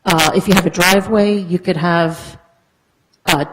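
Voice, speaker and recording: Low-voiced woman giving public comment. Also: steady tone, a little slow, background noise. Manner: earnest, explaining with many fillers. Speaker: resident speaking at public comment. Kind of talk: public comment at a council meeting.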